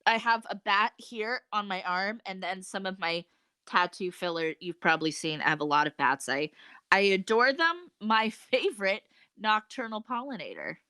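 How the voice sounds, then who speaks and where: A woman co-hosting a casual podcast, bubbly and exclamatory, quick to laugh. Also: medium pitch, animated, bright, forceful tone, clear, resonant tone, no echo, clean studio sound. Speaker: podcast co-host. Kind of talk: casual chat.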